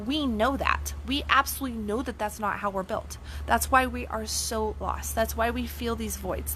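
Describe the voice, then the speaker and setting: A woman's voice: fairly high pitch, bright, forceful tone, poor audio. Woman, life coach, blunt and profane, casual motivational talk, faint background noise. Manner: blunt, swears freely, rhetorical questions.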